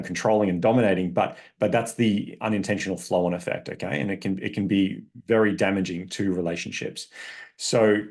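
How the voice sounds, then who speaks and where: A man with a fairly low voice talks through relationship advice in a podcast interview. He speaks earnestly and instructively, as a coach would, and keeps checking in with the listener. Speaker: parenting coach.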